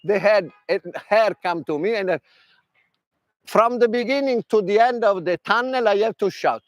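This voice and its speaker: An Italian man speaking non-native English with an Italian accent, giving an animated workshop talk as a tennis mental coach, in broken English with demonstrations. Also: high voice, normal speed, no room sound.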